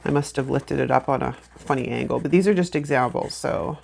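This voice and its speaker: A woman's voice: rumbling low, fairly quick, vocal fry, darkish tone, slight background noise. A woman hosting a planner channel, talking through a craft tutorial in a chatty, rambling, self-deprecating way. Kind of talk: casual craft tutorial chat.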